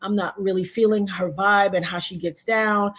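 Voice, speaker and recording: A woman's voice: medium pitch, steady tone, moderate pace, fairly bright tone. A woman being interviewed who tells her story in a blunt, emphatic, profane way. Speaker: guest.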